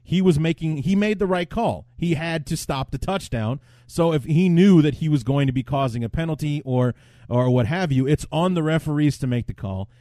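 A man's voice: on the high side, expressive, normal speed, mellow, no echo, studio quality. A man hosting a sports podcast, talking in a rambling, blunt way with frequent restarts. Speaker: podcast host. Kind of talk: casual sports podcast chat.

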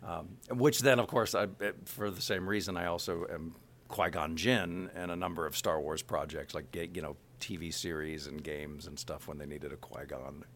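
Middle-aged man, a voice actor, with a lower, gravelly voice and lively delivery. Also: moderate pace, slight background noise. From Kansas City, USA. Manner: animated, full of filler words. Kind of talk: casual interview talk.

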